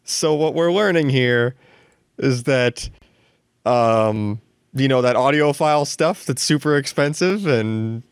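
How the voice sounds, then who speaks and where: A man hosting a casual tech podcast, animated and laughing often, with frequent restarts. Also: mid-range voice, takes it slowly, smooth, dry recording, studio quality. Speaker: podcast host.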